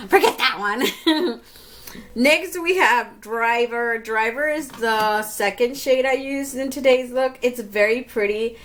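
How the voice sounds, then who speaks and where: A woman's voice: on the high side, slow pace, fairly bright tone. A woman giving a casual makeup review to camera, chatty, often calling to her viewers and laughing at herself. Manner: chatty, keeps talking to viewers as "you guys". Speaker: beauty vlogger.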